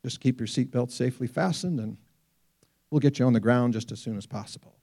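A man voicing a calm male airline pilot making cabin announcements. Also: mid-range voice, creaky, pitched below the performer's own voice. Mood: calm, reassuring. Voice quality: soothing, brisk announcer delivery.

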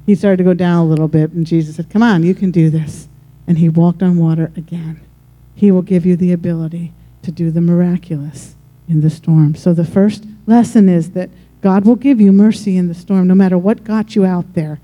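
A preacher with a deeply dark, mellow tone delivers a sermon that turns into fervent prayer. The speech keeps circling back to "Lord God," with frequent restarts. The pitch sits at a middle height. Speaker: pastor.

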